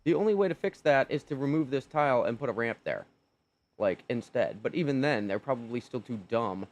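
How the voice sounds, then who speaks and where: A man's voice: mid-range voice, lively intonation, fairly quick. A young man commentating his own gameplay, exasperated and incredulous, swearing often. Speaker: gaming channel host.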